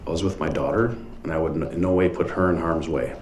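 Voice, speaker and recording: A police officer, a man, testifying on the witness stand and giving short, measured answers. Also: very deep voice. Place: large courtroom. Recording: echoey courtroom with faint room noise.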